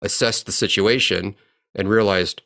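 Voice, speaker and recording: A man in his forties telling a profane, animated story in a casual chat as a podcast co-host. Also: lowish voice, measured pace, vocal fry. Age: 40s.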